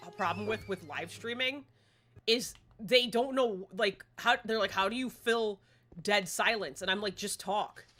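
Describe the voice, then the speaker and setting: A woman's voice: medium pitch, sharp tone. Woman, live gameplay chatter, rambling, talks to herself, faint music behind. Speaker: streamer.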